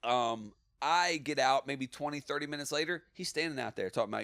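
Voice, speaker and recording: A man in casual comedic podcast chat, telling stories in a profane, animated way and saying "bro" often. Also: medium pitch, fairly quick, gravelly, no echo. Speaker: podcast co-host or guest.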